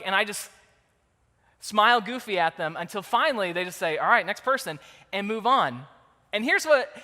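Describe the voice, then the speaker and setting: Bright, high-voiced pastor telling a story. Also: male voice, long reverb tail. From Kansas City area, USA. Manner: lively, self-deprecating storyteller. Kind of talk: sermon storytelling.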